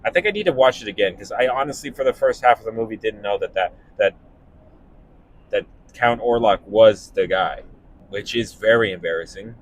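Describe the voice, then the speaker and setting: A young man, a stand-up comedian, talking casually and animatedly while driving, breaking into laughs and quick voices. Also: lowish voice. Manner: animated, laughing, jumping into impressions. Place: car.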